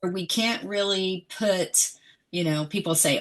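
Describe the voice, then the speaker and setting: A woman's voice: lowish voice, unhurried. A woman, an author being interviewed about her memoir, speaking in a thoughtful, musing way. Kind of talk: reflective interview conversation.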